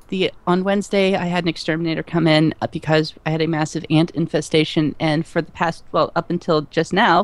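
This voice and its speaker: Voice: mid-range voice, no echo. Stream co-host reading comments, rambling, restarts sentences a lot, casual chat.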